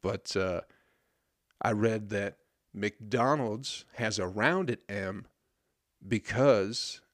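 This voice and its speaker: This is a man in his thirties with a lowish voice, holding forth in a loose, rambling solo rant. He swears freely and keeps a sarcastic tone. The sound is dry, with no room around it. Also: no echo. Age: 30s.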